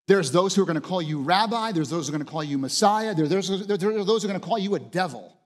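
A man preaching with passionate emphasis, his voice sitting a little high for a man. He hammers points home with repeated phrases. A long reverb from the church hall trails each line. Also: expressive, fast talker. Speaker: pastor. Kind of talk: sermon.

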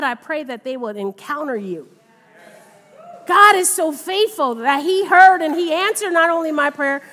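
A middle-aged woman preaching a sermon in a church, talking conversationally and telling a personal testimony. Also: high-pitched. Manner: conversational, animated in retold dialogue. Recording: long reverb of a large hall.

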